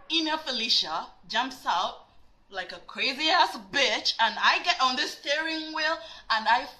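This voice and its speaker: A woman vlogger telling a personal story in a dramatic, animated way, cussing freely. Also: high voice, measured pace, poor audio. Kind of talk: storytime vlog.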